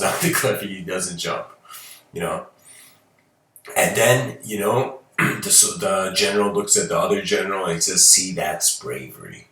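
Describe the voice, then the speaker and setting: A man's voice: deep voice, fairly bright tone. Rambling male lecturer in a roomy hall. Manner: loose and rambling, heavy on fillers, chuckles. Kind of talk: casual storytelling lecture. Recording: roomy, from a distant mic.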